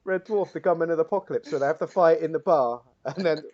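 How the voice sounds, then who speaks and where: A man's voice: on the high side, fast, a little mellow, dull audio. A man running a tabletop game in a put-on Cockney accent, chatty and full of slang. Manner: chatty, laughing, slang-heavy. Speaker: game facilitator.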